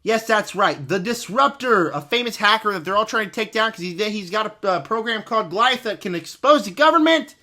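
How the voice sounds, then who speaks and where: Sarcastic ranting man with a bright voice. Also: high voice, fairly quick, hardly any pauses. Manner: sarcastic, mocking; animated, exasperated. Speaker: film reviewer. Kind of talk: casual spoken rant.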